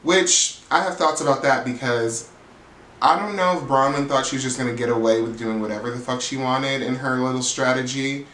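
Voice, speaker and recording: A man hosting a reality TV recap, talking in a sassy, gossipy way and swearing freely as he breaks down the drama. His voice sits at a middling pitch. It echoes around a roomy space. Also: a little fast, a bit bright, slight background noise. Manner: sassy, profane, chatty, calls people "girl". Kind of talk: casual gossipy commentary.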